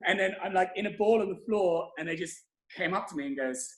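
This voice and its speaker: Young male guest, video call, self-mocking storyteller, a bit high-pitched, echoey room. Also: fast. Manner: animated, self-mocking anecdotes with quoted exclamations. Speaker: interview guest, tour creator. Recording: roomy video call audio.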